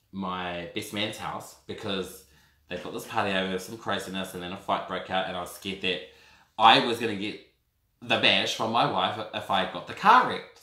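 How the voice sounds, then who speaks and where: A man in his thirties with a New Zealand accent, telling a personal story to camera in a camp, animated way and often calling the listener "girl". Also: lowish voice. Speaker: vlogger. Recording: roomy echo.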